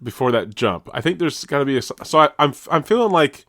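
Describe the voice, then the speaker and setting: A man's voice: fairly high pitch, sing-song, fast, a bit bright, no room sound. A man co-hosting a podcast in casual chat, laughing often and restarting his sentences. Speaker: podcast co-host.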